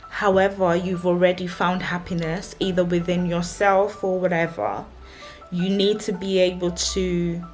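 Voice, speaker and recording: A young woman talks straight to camera, handing out marriage advice in a chatty, emphatic way and repeating her warnings. Her voice sits a little low. Faint music plays quietly behind her. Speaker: married vlogger giving relationship advice. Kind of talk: casual advice talk to camera.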